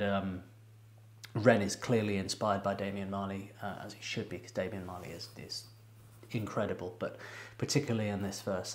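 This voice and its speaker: Chatty low-voiced man with room echo. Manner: chatty, laughs often, halting with ums and restarts. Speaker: music reaction video host. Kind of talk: casual reaction commentary.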